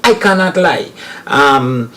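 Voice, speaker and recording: A man's voice: medium pitch, expressive, slow pace, pushed and bright, rough recording. A Guyanese man, a comedian guest, talking earnestly in a casual panel chat and often restarting his sentences.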